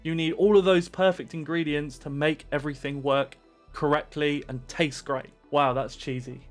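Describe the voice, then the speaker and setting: A man giving streaming advice straight to camera with pumped-up, animated energy. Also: fairly high pitch, moderate pace, faint music behind.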